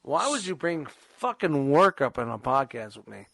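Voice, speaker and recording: A man's voice: medium pitch, very animated, normal speed, gravelly, fairly bright tone. A man co-hosting a podcast in loose, profane casual chat, now and then launching into mock-announcer hype. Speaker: podcast co-host.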